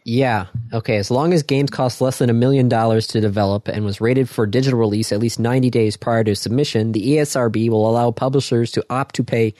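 Relaxed male podcast co-host, dry mic. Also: mid-range voice, fairly quick, few pauses, dry recording. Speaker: podcast co-host reading news. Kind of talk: casual chat.

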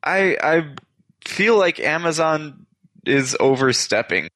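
A man's voice: fairly high pitch, sing-song, slow pace, a bit bright, no room sound. A man hosting a podcast in casual chat, rambling and correcting himself as he talks. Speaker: podcast host.

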